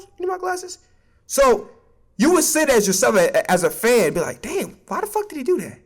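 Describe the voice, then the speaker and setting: A man streaming a casual sports opinion rant, emphatic and profane, stammering when he gets worked up. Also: sits high.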